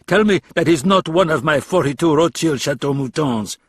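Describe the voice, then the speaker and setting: A man's voice: on the high side, lively intonation, moderate pace, a little hiss or hum, voice pushed up, close to an everyday voice. A man voicing a fussy, proud male Swiss banker, speaking in an indignant, emphatic way.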